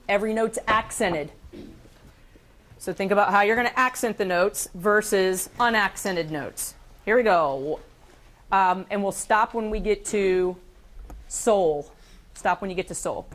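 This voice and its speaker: A woman teaching a school band, giving brisk directions and counting off. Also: mid-range voice, fairly bright tone, a little hiss or hum. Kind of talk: classroom instruction.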